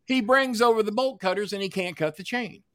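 Swearing liberally and performing everyone's dialogue, a podcast guest spins out a long story. His voice sits high, pushed and bright, fairly quick, captured dry in studio quality.

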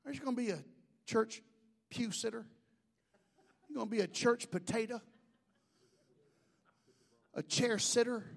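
A man preaching a sermon, a pastor, who swings from shouted declarations to quiet joking asides with folksy humor. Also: extremely high pitch, a little slow, gravelly, long pauses.

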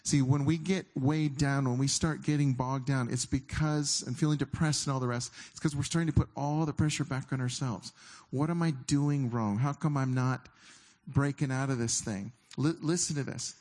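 A man's voice: mid-range voice, fairly even intonation, a little mellow. Man preaching in conversational style. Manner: conversational, with halting restarts and slowed emphatic scripture reading. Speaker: pastor. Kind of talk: sermon.

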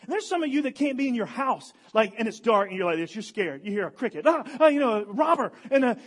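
A man's voice: high voice, fast talker, breathy edge. A young man giving a casual, joking sermon as a guest speaker, acting out the people in the story as he retells it. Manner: animated, joking storyteller, acts out quotes.

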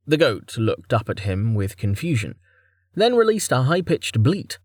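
Male narrator, animated and dry-sounding, expressive fantasy reading. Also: mid-range voice, a little slow, husky, dry recording. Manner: expressive storytelling. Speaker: audiobook narrator. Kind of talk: scripted narration.

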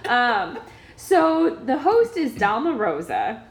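A woman in her forties chatting on a podcast, her voice sitting high and swinging widely in pitch. She talks in an animated, playful way and laughs easily. The recording has a noticeable roomy echo. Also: moderate pace. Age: 40s. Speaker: podcast co-host. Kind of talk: casual chat. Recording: echoey room.

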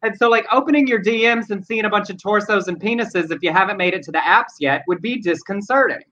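A man with a high, bright voice chats loosely with his co-host, full of filler words. The sound is dull and lo-fi. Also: fast talker. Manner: chatty, many fillers, joking. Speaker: podcast co-host. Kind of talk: casual chat.

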